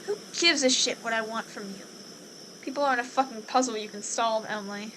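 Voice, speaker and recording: A woman's voice: a little high, a little fast, noisy background, close to an everyday voice. A woman reading a bitter, cutting young woman. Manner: cutting, swearing.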